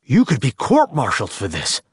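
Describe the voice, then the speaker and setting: A man's voice: mid-range voice, wildly swooping pitch, moderate pace, husky, dry recording, studio quality, exaggerated voice. A man voicing a jumpy, shaken young soldier who reacts with tense disbelief in an audiobook. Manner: tense, incredulous.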